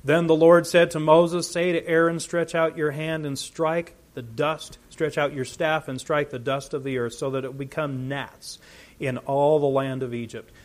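A man preaching a sermon, animated and full of rhetorical questions, swinging between loud emphasis and quiet asides. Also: a little high, a little slow.

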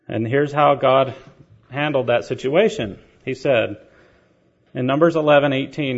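A man's voice: medium pitch, measured pace. A man preaching a sermon, telling stories with rhetorical questions and light laughter. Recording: dull lo-fi sermon recording.

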